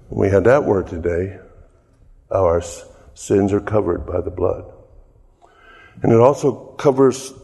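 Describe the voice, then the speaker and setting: A man's voice: lowish voice, mellow, husky. A man preaching a sermon, telling a story earnestly and asking the listeners rhetorical questions. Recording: echoey hall.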